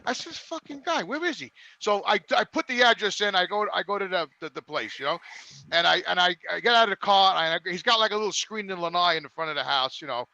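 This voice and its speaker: A man with a very high, gravelly voice tells a story in a casual panel chat. He is animated and profane, stammering as he restarts his sentences. The tone is bright and sharp, and the sound is dry and close. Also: fast, dry recording, dull audio. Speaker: regular panelist.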